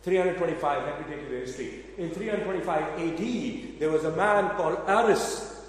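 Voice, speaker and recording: Male preacher, slightly high voice, conversational storytelling sermon, heavy echo of a large hall. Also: fairly quick. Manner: conversational, addresses audience with questions. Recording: echoey hall from afar.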